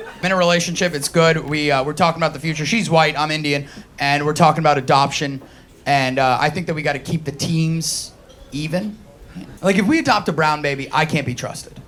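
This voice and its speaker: This comic from Queens, New York City, has a New York accent and a voice that's a little high, a little fast, and a bit bright. He performs a brash, foul-mouthed stand-up routine live, imitating the voices he quotes, with audience laughter in the background.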